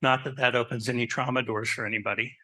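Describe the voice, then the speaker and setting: Therapist type, male, husky and pushy delivery, quizzes the crowd, chatty anecdotes. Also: mid-range voice, fast talker. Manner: animated, asks the audience questions; personal anecdotes, conversational. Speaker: therapist giving a talk. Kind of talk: live presentation to an audience.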